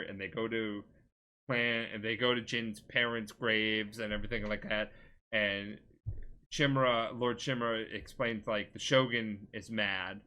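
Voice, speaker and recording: A man's voice: fairly low pitch, sharp tone. A tipsy man rambling through a game plot on a casual podcast, full of filler words and restarts. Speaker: podcast co-host.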